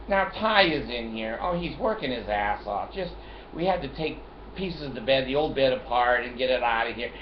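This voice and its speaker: A man's voice: medium pitch, reverberant, highs cut off, slight background noise. An older man telling a long, rambling story from home, brash and profane, with chuckles along the way. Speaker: vlogger. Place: home, sitting on a couch.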